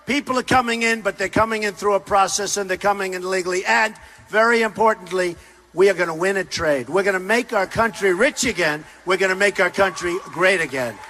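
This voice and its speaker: An older man delivers a campaign rally speech on a stage microphone in a large arena. His voice is fairly high and sharply bright, and he pushes it into shouts. His phrases are short, repeated and emphatic. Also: fairly quick. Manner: repetitive, emphatic, often shouting to a crowd. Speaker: political candidate at a rally.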